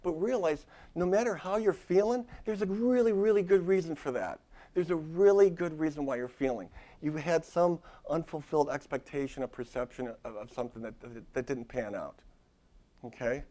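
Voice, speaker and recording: A man's voice: a little high, moderate pace, mellow. A man in his fifties, a therapist giving a classroom lecture in a conversational way, often checking in with "okay?" and repeating his phrases. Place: university classroom.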